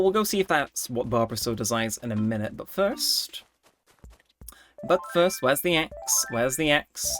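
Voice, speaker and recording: A man in mid-range pitch chatting his way through a let's play, rambling and thinking out loud. His talk is loose and casual, full of asides to the viewers. Faint game music plays under his voice. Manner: rambling, chatty, thinks aloud while playing.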